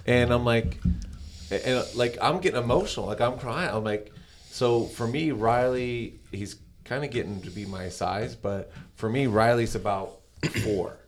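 A man's voice: mid-range voice, steady tone, a little slow, slight background noise. A middle-aged man hosting a podcast, telling stories in a rambling, casual way. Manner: rambling storyteller. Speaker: podcast host. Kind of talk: casual conversation.

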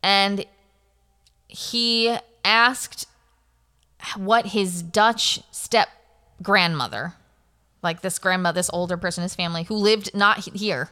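A woman's voice: mid-range voice, takes it slowly, long pauses, pushed and bright, smooth. A woman hosting a podcast, telling a spooky story in casual chat, rambling with lots of fillers and correcting herself. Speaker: podcast host.

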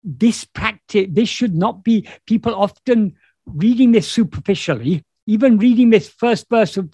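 A man's voice: high-pitched, animated, normal speed, mellow, breathy edge, no echo. A man explaining a spiritual text in a video call talk, thoughtful, often rephrasing himself mid-sentence. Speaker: spiritual teacher.

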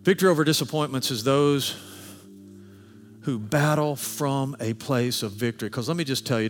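A man preaching a sermon with animated delivery, sometimes acting out quoted voices. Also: mid-range voice. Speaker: pastor. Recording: long hall reverb with faint music.

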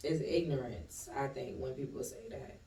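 A man's voice: mid-range voice, normal speed, vocal fry, warm tone, recorded from a distance. A man in a casual group chat giving earnest, opinionated views in a reflective tone. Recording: roomy sound from off-mic.

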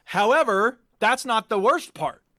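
Podcast co-host, male, higher voice, animated and exasperated, swears freely, dry close sound. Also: measured pace, no echo. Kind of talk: casual chat.

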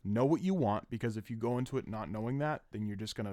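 A man's voice: fairly low pitch, fast talker, mellow, no echo, studio quality. A man co-hosting a casual podcast, joking and laughing often while giving dating advice. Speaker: podcast co-host.

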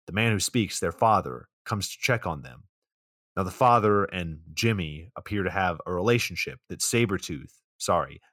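A man's voice: sits low, fairly bright tone, dry recording, studio quality. A man co-hosting a podcast, recapping a movie with sarcastic, profane play-by-play narration. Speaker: podcast co-host.

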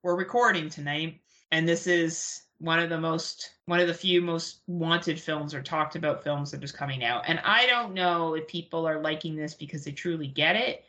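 A young adult woman co-hosting a podcast in casual chat, blunt, profane and animated as she rants. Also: low voice, moderate pace, few pauses. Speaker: podcast co-host.

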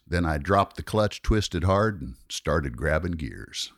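A man's voice: sits low, lively intonation, takes it slowly, few pauses, fairly bright tone, dry recording, clean studio sound. Man reciting a wry rhyming story. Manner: wry, rhythmic storytelling delivery. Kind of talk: reciting a rhyming narrative poem.

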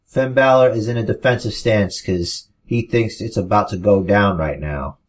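A man casually narrates wrestling storylines on a podcast, tossing in relaxed asides. His voice sits a bit low and has a husky texture. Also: moderate pace. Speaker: podcast co-host.

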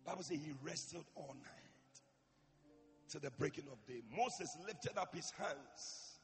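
A man preaching an impassioned sermon in a church, swinging between shouting and hushed speech and repeating phrases for emphasis. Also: fairly high pitch, expressive, a little slow, in a large hall, faint music behind.

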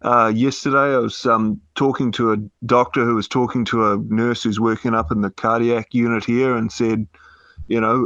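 A man's voice: medium pitch, little pitch movement, moderate pace, fairly bright tone, no room sound, muffled recording. A man on a political panel, telling anecdotes in an easygoing way with chuckles. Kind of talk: casual panel discussion.

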